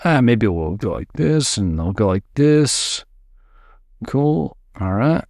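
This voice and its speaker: A man teaching music production in a relaxed, upbeat way, walking through a dance track and sometimes mimicking its sounds with his voice. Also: mid-range voice, takes it slowly, vocal fry. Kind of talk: screen-recorded music production tutorial. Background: dance track playing faintly.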